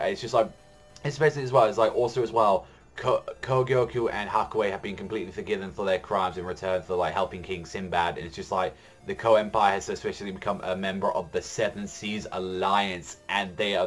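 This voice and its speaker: A man giving a casual, excited manga chapter review, rambling with lots of fillers and swearing. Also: on the low side.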